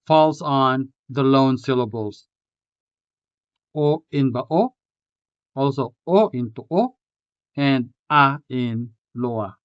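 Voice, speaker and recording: A man teaching a language lesson in scripted narration, slowly sounding out example words syllable by syllable. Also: mid-range voice, smooth, no room sound. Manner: slow, deliberate, enunciating example words syllable by syllable. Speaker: language tutor. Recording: slightly dull, dry voice-over.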